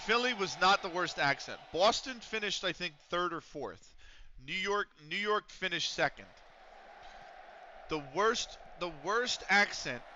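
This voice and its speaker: A young man from Pennsylvania chats through a livestream, profane and rambling. His voice sits a little high and sounds bright, almost sharp. The audio is dull and lo-fi, with a faint hiss underneath. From Pennsylvania, USA. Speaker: streamer. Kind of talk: casual gaming stream chat.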